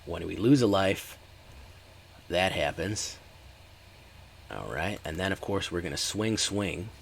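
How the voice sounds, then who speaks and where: A man's voice: sits low, expressive, takes it slowly, vocal fry, slight background noise. A man giving casual, chatty commentary while streaming a card game and talking to his live chat.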